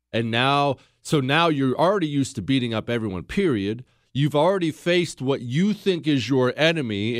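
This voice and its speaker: Recorded dry with clean studio sound, a man of medium pitch hosts a history podcast. His storytelling is casual and conversational, aimed straight at the listener and sprinkled with asides.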